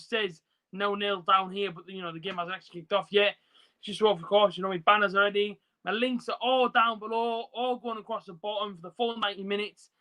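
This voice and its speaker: Bright-voiced man chatting on a live stream. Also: high voice, poor audio. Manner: chatty, reads out viewer comments, lots of fillers. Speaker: football watch-along streamer. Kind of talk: casual live stream chat. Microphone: phone.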